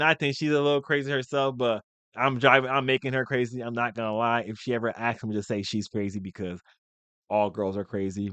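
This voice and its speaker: A man's voice: medium pitch, pushed and bright, clear, resonant tone, dry recording. A man giving blunt, opinionated commentary in a casual, rambling way, with frequent restarts. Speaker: commentary video host.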